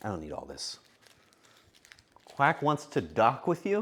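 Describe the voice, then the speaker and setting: Playful streamer guy joking with chat while cooking, pitch all over the place. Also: huge pitch swings, unhurried, fairly bright tone, slightly rough.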